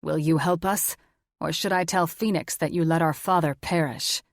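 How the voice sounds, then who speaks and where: A desperate young wolf-shifter man, as a woman puts him on, speaking urgently and pleading, a little lower than her usual tone. The sound is dry and close, like a studio audiobook. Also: steady tone, normal speed, no echo.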